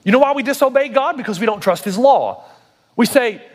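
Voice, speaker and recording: A male pastor preaches with fervor, pressing his congregation with question after question. His voice sits notably high for a man. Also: lively intonation, a little fast, a little hiss or hum. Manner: impassioned, rhetorical questions to the congregation. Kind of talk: sermon.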